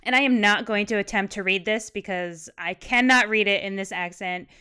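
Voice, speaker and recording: A woman co-hosting a casual book discussion podcast, animated and analytical. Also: mid-range voice, moderate pace, clear, resonant tone. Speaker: podcast co-host. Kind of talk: casual discussion, reading excerpts.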